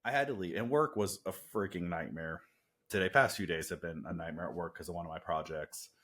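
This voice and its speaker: A man with a deep, low voice co-hosts a casual podcast. He tells family stories with animated, self-deprecating humor. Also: a little fast. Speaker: podcast co-host. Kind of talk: casual chat.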